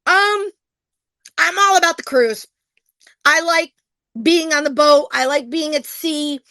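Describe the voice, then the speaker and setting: A woman's voice: high-pitched, slow, bright, forceful tone, dry recording. A woman co-hosting a podcast in casual chat, blunt and playful, laughing often. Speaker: podcast co-host.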